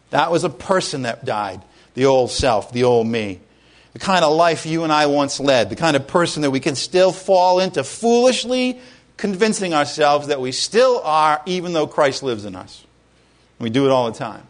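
High-voiced man preaching a lively sermon. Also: normal speed. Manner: conversational, asks the congregation questions, rises to loud exclamations. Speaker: pastor.

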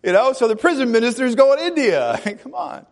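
A man with a high, light voice preaches a casual, chatty sermon, often laughing and acting out little quoted lines. His voice rings with the long reverb of a big hall. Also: very animated, a little fast, creaky. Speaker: pastor.

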